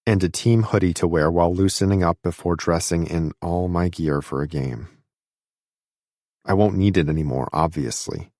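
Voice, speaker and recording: Deep-voiced male audiobook narrator. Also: no echo, clean studio sound. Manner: steady, intimate reading. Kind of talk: scripted first-person audiobook narration.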